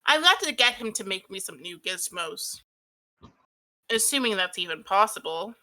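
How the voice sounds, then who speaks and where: A woman's voice: medium pitch, very animated, normal speed, sharp tone, rough recording. A woman reading the lines of a cheerful, bubbly teenage girl during a comic read-through with friends. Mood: chipper. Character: cheerful dreamy teen girl Jade.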